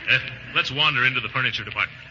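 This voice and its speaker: An actor playing a pompous, easily flustered middle-aged uncle, blustering in 1940s radio comedy style, with sudden high whoops. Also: male voice, very fast, lightly acted. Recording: scratchy dull 1940s radio broadcast with faint hiss.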